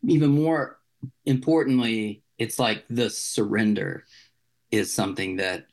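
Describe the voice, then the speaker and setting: A man's voice: on the low side, steady tone, a little slow. A man, a chef, chatting casually as an interview guest in a rambling, loose way full of filler words.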